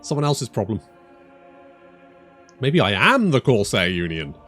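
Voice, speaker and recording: Lively man commenting on a strategy game. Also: lowish voice, a little slow, soft background music. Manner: thinks aloud, restarts phrases, casual swearing. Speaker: strategy game let's player. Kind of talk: casual gameplay commentary.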